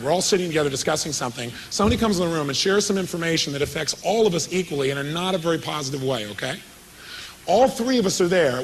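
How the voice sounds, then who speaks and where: A man's voice: a little high, slight background noise, poor audio. A man giving a motivational seminar talk, telling a story with quoted dialogue and questions to the audience. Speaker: motivational speaker.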